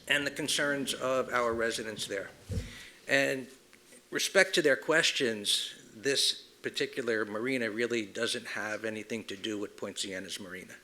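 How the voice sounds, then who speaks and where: A man speaking as a board president at a city meeting, explaining things in a measured way. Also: medium pitch, bright, forceful tone, a little hiss or hum. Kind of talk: public comment at a city meeting.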